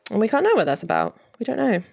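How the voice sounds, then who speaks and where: A woman's voice: a little high, huge pitch swings, fast talker, gravelly, a little mellow, dry recording. A woman giving chatty commentary on game dialogue, laughing often and adding wry asides. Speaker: video creator.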